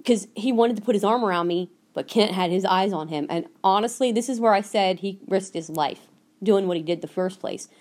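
Woman chatting on her podcast, earnest storytelling, mid pitch, does little voices for quotes. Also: brisk, darkish tone. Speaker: podcast host. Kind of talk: casual storytelling monologue.

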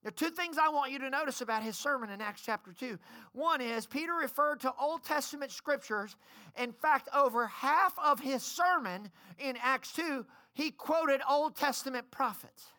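A woman preacher giving an impassioned, pleading sermon at a church service, her voice rising to shouts. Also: high-pitched, normal speed.

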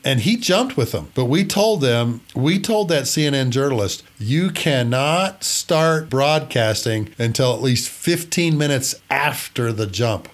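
A middle-aged man hosts his own show and tells a story in an easy, folksy way. He acts out both sides of old conversations as he goes. His voice sits in an ordinary middle range. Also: medium pitch. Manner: folksy, acts out dialogue while retelling it. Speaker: podcast host and retired air refueling planner. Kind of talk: storytelling monologue.

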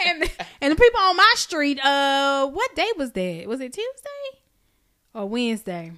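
A woman co-hosting a podcast tells a story in casual, animated, profane chat, her pitch leaping high whenever she acts out her own reactions. She speaks at a measured pace.

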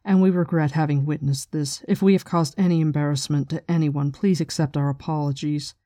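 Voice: medium pitch, steady tone, a little fast, warm tone, dry recording, studio quality, natural voice. A reader voicing a careful, polite young noblewoman in a courteous read of a novel passage. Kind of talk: reading a novel passage aloud.

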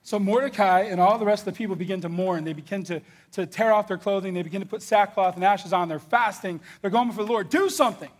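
High, husky man retelling a Bible story. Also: quick pace, hardly any pauses. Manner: animated, conversational, slangy. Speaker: Bible teacher.

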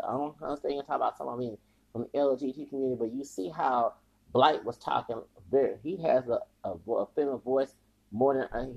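An American podcast host with a medium-pitched, creaky, husky, darkish voice delivers heated, rambling commentary full of stumbles and repeated words. The recording quality is low.

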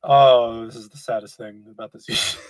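A man co-hosting a podcast in casual chat, relaxed and agreeable. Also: mid-range voice, fairly quick, clean tone, dry recording, poor audio. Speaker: podcast co-host.

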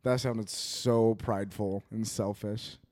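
A man's voice: lowish voice, steady tone, slow pace, a little mellow. A young man co-hosting a casual podcast, joking and laughing often and trailing off into fillers. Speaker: podcast co-host.

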